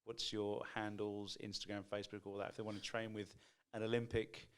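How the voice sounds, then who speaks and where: Rambling podcast host. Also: male voice, on the low side, little pitch movement, a little fast, smooth. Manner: friendly, rambling questions, calls guest mate. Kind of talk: casual podcast interview.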